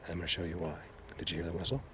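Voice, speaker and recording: Guy with a lowish voice rambling to his camera outside in the woods, gets emotional, trips over his words, faint outdoor noise. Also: racing. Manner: emotional, rambling, with frequent restarts. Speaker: vlogger. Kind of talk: excited hiking vlog to camera.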